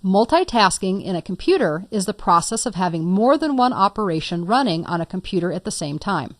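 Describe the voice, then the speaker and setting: Patient yet lightly playful, a woman guides viewers step by step through a screen-recorded computer tutorial. Her medium-pitched voice is sing-song and brisk, in a dry, clean studio recording.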